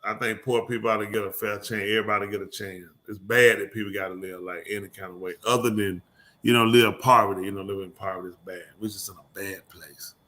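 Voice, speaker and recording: Teasing bright-voiced male show host. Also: lowish voice, steady tone, fast talker. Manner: teasing, loud, uses dialect grammar. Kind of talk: casual radio chat.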